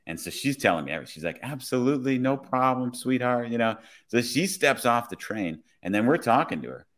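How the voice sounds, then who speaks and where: Low-voiced cop guy telling a work story, easygoing and chatty. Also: fast talker. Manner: relaxed, conversational, many "I was like" retellings. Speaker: police officer. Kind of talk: casual storytelling.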